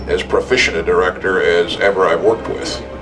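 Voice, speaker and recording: An older man being interviewed, recalling his work in a deliberate, hesitant way. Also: low voice, level tone. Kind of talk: recollection. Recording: distant mic with music behind.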